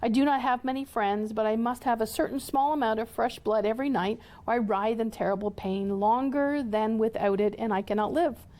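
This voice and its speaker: Woman reading as a courteous male vampire, begging, formal phrasing, pitched up. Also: brisk, few pauses, mellow, lightly acted. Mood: pleading. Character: polite pleading male vampire.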